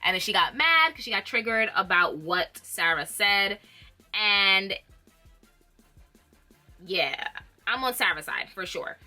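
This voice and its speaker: Young woman vlogger, bright forceful voice, opinionated gossip recap, faint music behind. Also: medium pitch, takes it slowly, long pauses. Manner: opinionated, animated, laughs often. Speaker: reality TV commentator.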